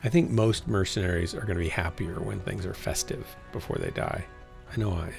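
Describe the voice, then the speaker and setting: A man's voice: deep voice, fairly quick, gravelly, music in the background. A man chatting casually to a small chat while playing a game on a livestream, rambling to himself and sometimes yawning. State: yawning, tired. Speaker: livestreaming gamer.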